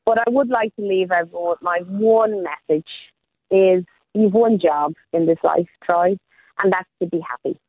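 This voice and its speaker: A woman's voice: lowish voice, moderate pace, dry recording. A woman life coach talking casually on the radio, upbeat and motivational. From Australia. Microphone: phone call. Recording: phone line.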